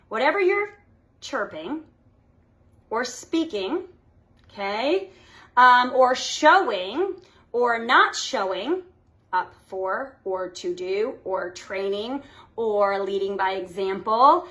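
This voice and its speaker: High-voiced chatty woman. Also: a bit bright. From United States. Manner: chatty, peppered with "okay?". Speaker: team leader. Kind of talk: motivational live talk to her team.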